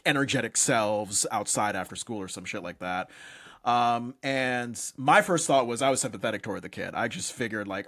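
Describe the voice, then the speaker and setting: A man co-hosting a casual podcast chat, animated and profane, laughing often. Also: mid-range voice. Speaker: podcast co-host.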